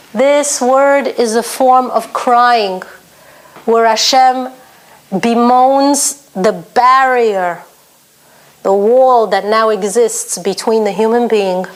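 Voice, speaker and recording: High-voiced, unhurried woman Torah teacher. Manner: earnest, emphatic teaching, dense with Hebrew terms. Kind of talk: Torah lesson for women.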